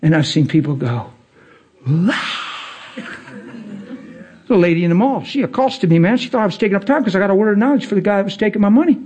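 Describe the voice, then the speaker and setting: A male preacher delivering a casual, storytelling sermon, animated and slangy, often laughing as he talks. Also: high-pitched, racing, few pauses, slightly rough, dull audio.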